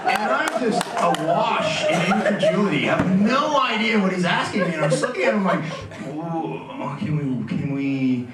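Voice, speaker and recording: A man's voice: sits high, animated, fairly quick, hardly any pauses, far from the mic. Male actor, panel storyteller, laughs a lot; echoey hall, crowd audible. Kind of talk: comic anecdote. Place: large convention hall. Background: crowd audience.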